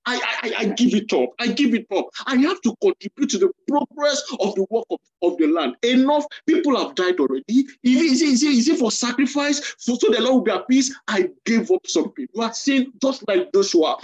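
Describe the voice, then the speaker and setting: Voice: medium pitch, expressive, brisk, hardly any pauses, darkish tone, husky, highs cut off. A preacher giving a sermon, exhorting the listeners in a repetitive, emphatic way.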